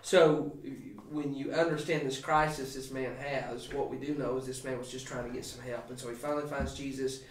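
A man, a pastor, talking through a scripture passage on a podcast in an emphatic, animated preaching way with frequent restarts. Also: medium pitch, moderate pace, hardly any pauses, reverberant, far from the mic. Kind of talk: podcast sermon talk.

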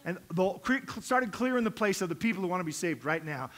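A male pastor preaching a sermon, acting out quotes and swinging from hushed asides to loud, urgent lines. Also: high-pitched, animated, fairly quick.

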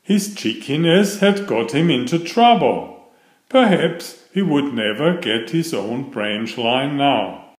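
A man narrating a children's picture book read-aloud in an unhurried storytelling manner. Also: mid-range voice, expressive. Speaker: storybook reader. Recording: echoey room.

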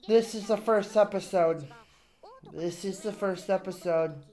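Excitable, swearing woman reacting to anime. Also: mid-range voice, normal speed. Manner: excitable, swears, repeats words in bursts. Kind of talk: casual reaction commentary.

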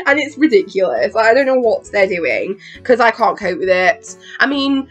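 A woman chatting excitedly in a rambling makeup vlog, swearing freely and acting out her own reactions. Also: mid-range voice, a little slow, faint music behind. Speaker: beauty vlogger. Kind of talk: rambling get-ready-with-me chat.

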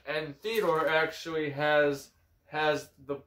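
A man's voice: on the high side, fairly even intonation, slow, a bit bright. A young man chatting casually about video games as a co-host, eager and a little hesitant. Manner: eager, hesitant, full of fillers. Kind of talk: casual gaming chat. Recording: echoey room.

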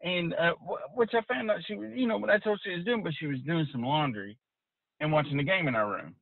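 A man's voice: fairly high pitch, fairly quick, gravelly, no room sound. Man on a tinny phone-like line. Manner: animated storyteller. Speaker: podcast host. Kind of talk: casual chat.

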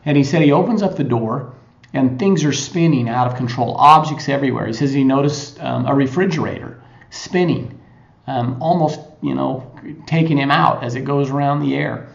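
A man hosting a motivational podcast, retelling a story in a conversational way with frequent pauses. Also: mid-range voice, vocal fry. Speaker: podcast host. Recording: echoey lo-fi recording.

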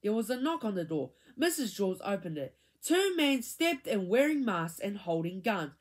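Woman reading a children's book with lively expression. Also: medium pitch, moderate pace. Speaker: reader.

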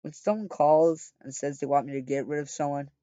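A man's voice: a little high, steady tone, brisk, warm tone, dry recording, lo-fi sound, lightly acted. Cold businesslike hitman, read out by a man. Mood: matter-of-fact.

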